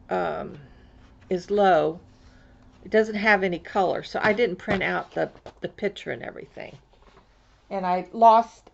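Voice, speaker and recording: A woman's voice: medium pitch, gravelly. A woman from Florida chatting in a rambling way on her crafting vlog, with many restarts. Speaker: crafting vlogger. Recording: dull lo-fi home recording.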